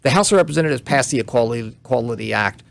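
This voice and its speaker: A man with a gravelly, creaky voice at an ordinary pitch lays out legal points carefully and step by step. He sounds like a guest on a talk radio show who is short on sleep, and he sometimes backs up and restarts a phrase. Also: expressive. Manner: measured, explains step by step, some restarts.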